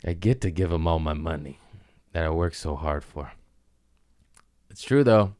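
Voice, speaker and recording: A man hosting his own podcast in a casual, rambling comedic monologue, swearing freely and slipping into quick mock voices. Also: a bass voice, expressive, darkish tone, dry recording, clean studio sound. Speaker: podcast host.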